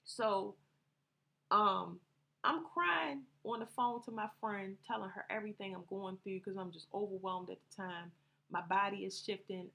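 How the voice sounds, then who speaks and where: A woman's voice: medium pitch, vocal fry, fairly bright tone. Woman vlogger: casual, rambling storyteller, salty language, mid-range voice. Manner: rambling, profane, laughs while telling. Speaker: vlogger telling personal stories.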